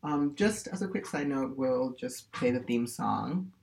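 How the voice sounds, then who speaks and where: Young man, casual podcast co-host, opinionated, rambling, says "like" a lot, mid-pitched voice. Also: expressive, unhurried, gravelly, darkish tone. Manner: opinionated, rambling, full of "like" fillers. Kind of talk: casual chat.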